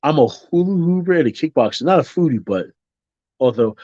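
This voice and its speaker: A man talking casually to his viewers in a vlog, rambling with restarts and repeated phrases, and getting animated when he jokes. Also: on the high side, brisk, no echo, lo-fi sound. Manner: animated when joking, mimics people in quotes. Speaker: vlogger.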